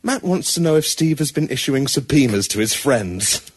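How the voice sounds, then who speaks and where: A man hosting a comedy podcast, narrating an absurd scene in a deadpan, mock-serious way. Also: medium pitch, moderate pace, a little hiss or hum. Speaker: podcast host.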